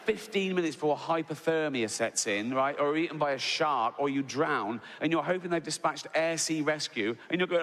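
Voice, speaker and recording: A man's voice: fairly high pitch, lively intonation, normal speed, few pauses, a bit bright. A middle-aged Englishman doing a stand-up set, chatty and sweary, tagging his lines with "right?". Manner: conversational, keeps tagging "right?", swears freely. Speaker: stand-up comedian. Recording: live stage audio in a large reverberant venue with faint ambience.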